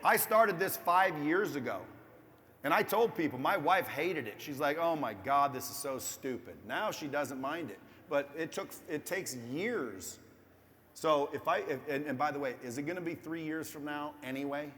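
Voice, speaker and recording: A man's voice: on the high side, lively intonation, moderate pace, fairly bright tone. Blunt, profane man in an echoey room. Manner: blunt, profane, speaks straight to viewers. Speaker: guest entrepreneur. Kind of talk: casual interview advice. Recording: echoey room with faint background noise.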